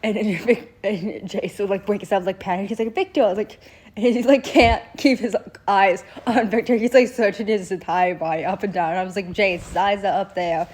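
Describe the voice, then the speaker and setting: A woman's voice: mid-range voice, normal speed, darkish tone. Young woman chatting about a show, rambly, says like constantly, jumps into character lines. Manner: rambling, heavy "like" fillers, acts out characters' lines. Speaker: show reviewer. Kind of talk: casual recap chat.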